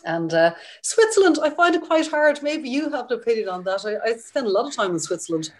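A woman's voice: a little high, very animated, a little fast, a little mellow. A middle-aged woman from Ireland, a ski journalist, talking chattily and with enthusiasm in a casual interview.

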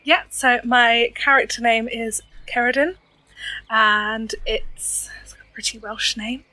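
A woman's voice: a little high, steady tone, takes it slowly, sharp tone, dry recording, poor audio. A woman joining a tabletop game as a guest player on a voice call. She chats casually and giggles as she talks. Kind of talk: casual role-play chat. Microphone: home microphone on a voice call.

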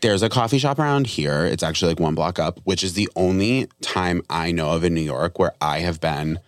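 A young man hosting a casual comedy podcast, telling stories in an animated way and acting out the voices of the people in them. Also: sits low, fairly quick, no room sound, clean studio sound. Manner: animated storytelling, acts out quoted voices. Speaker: podcast host.

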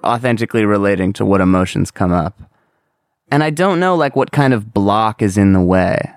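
A man's voice: lowish voice, animated, moderate pace, no echo, studio quality. A young man hosting a solo podcast, talking candidly and rambling, with casual swearing. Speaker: podcast host.

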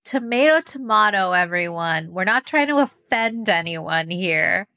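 A woman co-hosting a casual chat, relaxed and teasing. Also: fairly low pitch, unhurried, vocal fry, no echo, clean studio sound. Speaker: podcast co-host.

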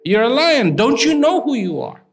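A wise, patient lion in a spoken folk tale, coaxing gently with a lifting, lively tone, as a male storyteller voices him. His warmth stays steady as he guides the cub. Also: very high voice, normal speed, voice pushed up, heavily acted. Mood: insistent.

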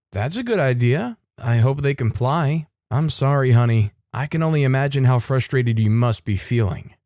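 A man's voice: medium pitch, darkish tone, no echo, clean studio sound. A man reading a reddit story aloud as scripted narration, keeping quoted lines in his own voice.

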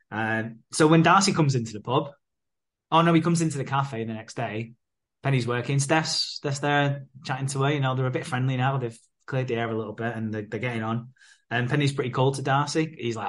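A man's voice: mid-range voice, brisk, a bit bright. A man, casually recapping a soap episode as podcast co-host and acting out the characters' lines. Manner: laid-back, sweary, acts out characters' lines.

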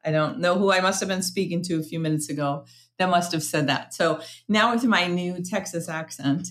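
A woman's voice: fairly low pitch, normal speed. A woman hosting a podcast interview, chatty and upbeat, often restarting her sentences as she goes. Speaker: podcast host. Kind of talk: casual interview chat.

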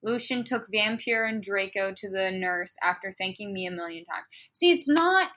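Bright, animated young woman reading aloud. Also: medium pitch, normal speed. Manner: animated, exasperated, swears freely, bursts into laughter. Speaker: podcast co-host reading a fan story aloud. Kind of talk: casual podcast chat and dramatic reading.

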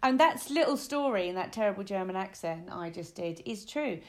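A woman chatting on a podcast, telling lively stories in an animated way. She slips into little voices for the people in her tales, and her tone swings with the anecdote. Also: mid-range voice, normal speed. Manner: animated storyteller, acts out voices. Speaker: podcast co-host. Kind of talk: casual chat.

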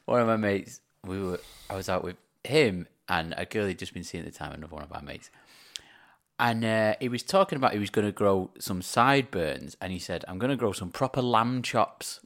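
A man's voice: lowish voice, brisk. A young man co-hosting a casual podcast, eagerly telling anecdotes. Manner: animated, eager anecdote teller. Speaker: podcast co-host. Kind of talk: casual chat.

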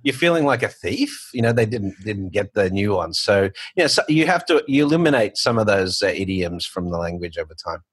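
A man's voice: lowish voice, expressive, brisk, few pauses, husky, no room sound. A middle-aged Australian man, a guest telling his career story in a rambling, conversational way with fillers and restarts. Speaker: guest, bank founder. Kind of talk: conversational interview.

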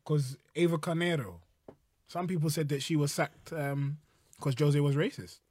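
A man co-hosting a casual podcast chat, dropping in quick, offhand remarks. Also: fairly high pitch, fairly even intonation, a little mellow. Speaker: podcast co-host.

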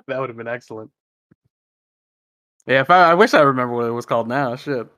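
A man's voice: mid-range voice, fast talker, sharp tone, dry recording. Laid-back male co-host, dry sound. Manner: short reactions, laid-back. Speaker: podcast co-host. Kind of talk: casual chat.

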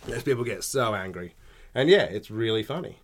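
A crowd can be heard behind an Australian podcast co-host as he chats casually. His voice is lowish with lively intonation and a fairly quick pace, and he tells laid-back stories, often swearing and laughing.

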